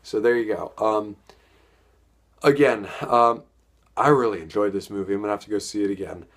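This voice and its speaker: A man's voice: lowish voice, fairly even intonation, normal speed. A young man giving a casual, enthusiastic spoken film review, rambling and repeating words as he goes. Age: young adult.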